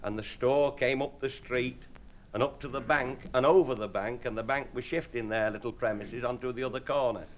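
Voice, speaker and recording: A man's voice: mid-range voice, steady tone, fairly quick. A man telling rambling, bawdy comic anecdotes as an after-dinner speaker, chuckling as he goes. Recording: hissy old live tape recording. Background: audience laughter.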